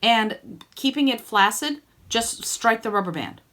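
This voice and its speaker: A woman's voice: a little high, lively intonation, unhurried, a bit bright. Woman singing teacher coaching students. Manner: encouraging, coaching students by name and demonstrating sung vowels. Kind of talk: online group singing lesson.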